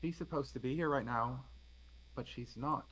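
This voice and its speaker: A man's voice: medium pitch, normal speed, fairly bright tone, natural voice, rough recording. A man voicing a worried woman looking for her sister, in a put-on Irish accent, in a tabletop game. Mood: fretful. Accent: attempted Irish.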